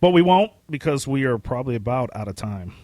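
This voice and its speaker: A man co-hosting a casual pop-culture podcast. He talks in a rambling, excitable way with casual swearing, and his voice is getting hoarse. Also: mid-range voice, fairly quick, dry recording. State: losing his voice. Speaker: podcast co-host. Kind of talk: casual chat.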